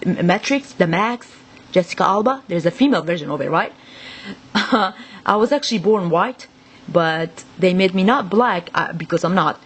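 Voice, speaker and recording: A woman's voice: fairly low pitch, animated, normal speed, breathy edge. Woman ranting in a profane monologue. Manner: profane, rambling, agitated ranting. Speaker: vlogger. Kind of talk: unscripted monologue to camera.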